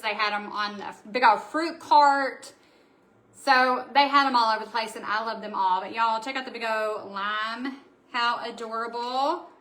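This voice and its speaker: A bubbly woman hosts a live craft stream, gushing over new supplies and talking straight to her viewers. Her voice is bright and sits a little high. She keeps it chatty and excitable throughout. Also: poor audio. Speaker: craft shop owner. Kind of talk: live stream product showing.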